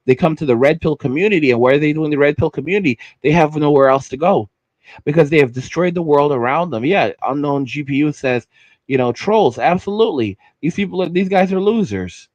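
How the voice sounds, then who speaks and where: A man's voice: fairly high pitch, expressive, fairly quick, darkish tone, no room sound. A man hosting a livestream, ranting heatedly and repeating himself as he stumbles over words. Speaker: livestream host.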